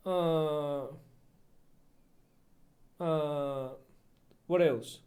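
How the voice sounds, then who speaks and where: A man live streaming, slowly joking over clips and repeating words. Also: on the high side, a little mellow. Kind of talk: reaction stream commentary.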